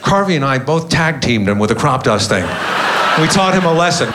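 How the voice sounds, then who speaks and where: A man's voice: fairly high pitch, a little fast. Dry-witted man doing stand-up. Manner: dry, deadpan delivery with bursts of mock defiance. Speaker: stand-up comedian. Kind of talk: stand-up storytelling. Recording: live stand-up with loud crowd laughter. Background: loud audience laughter and noise.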